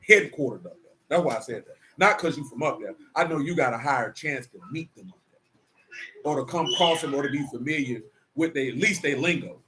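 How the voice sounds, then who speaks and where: Preaching man with a bright voice. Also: medium pitch, slight background noise. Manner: conversational, streetwise preaching with rhetorical questions. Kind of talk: sermon mixed with casual asides.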